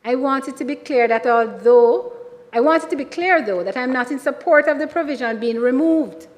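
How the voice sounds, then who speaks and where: A woman senator with a Jamaican accent giving a formal parliamentary speech, measured and emphatic, repeatedly addressing the chair. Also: high voice. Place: senate chamber. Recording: reverberant chamber sound.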